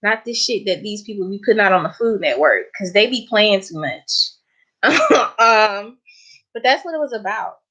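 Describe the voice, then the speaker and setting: A woman's voice: mid-range voice, animated, moderate pace, a bit bright. A young woman with a Southern US accent hosts a cooking channel, chatting on a live stream in a playful, emphatic way and laughing often. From Southern United States. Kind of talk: casual live-stream chat. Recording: dull lo-fi live-stream audio.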